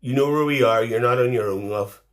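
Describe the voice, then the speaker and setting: A man's voice: mid-range voice, fairly quick, close to an everyday voice. A man playing a chatty, cheeky middle-aged auntie woman, hosting a live stream on a phone, teasing and mothering the viewers as he reads their comments.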